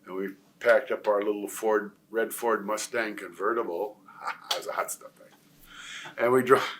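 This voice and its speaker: A man's voice: fairly low pitch, fairly even intonation, moderate pace, background noise. An older man from Nebraska telling long stories in a career interview, rambling with many fillers and restarts. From Nebraska, USA. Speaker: retired pro wrestler, guest.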